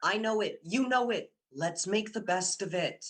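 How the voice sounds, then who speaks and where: A man's voice: high-pitched, normal speed, a bit bright. A young man playing a coaxing student boyfriend. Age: young adult. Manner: coaxing, teasing, insistent. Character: young male university student, persuasive boyfriend. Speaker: boyfriend Dick. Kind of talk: amateur radio drama acting.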